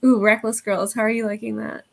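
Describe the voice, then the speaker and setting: A woman chatting casually over a video call as host of a live reading sprint, animated, swearing and laughing often. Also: a little high, brisk, gravelly. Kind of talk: casual chat.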